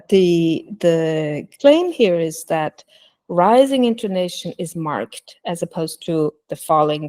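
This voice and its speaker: A woman gives an academic talk at an online conference through a computer mic. Her voice sits low and carries a gravelly fry. She thinks aloud with frequent fillers, restarts and "you know.". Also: darkish tone. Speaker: linguistics speaker at an online conference. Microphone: computer mic on a video call.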